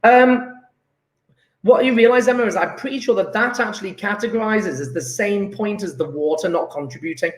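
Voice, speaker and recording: A chemistry teacher goes over homework in a classroom, chatty and enthusiastic, thinking out loud as he works through the answers. His voice sits high and moves at a normal speed. This recorded review lesson has an echoey room sound.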